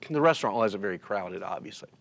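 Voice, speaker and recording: A middle-aged man telling a personal story in casual conversation, animated and acting out what others said. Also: lowish voice, quick pace, creaky. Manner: animated, acts out other people's lines.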